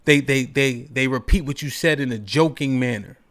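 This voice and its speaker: A man's voice: mid-range voice, moderate pace, a bit bright. A man hosting a call-in show, talking in an emphatic, rhetorical way and asking "right?" after nearly every point. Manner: emphatic, repeats "right?" often; rhetorical, preachy. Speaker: podcast host.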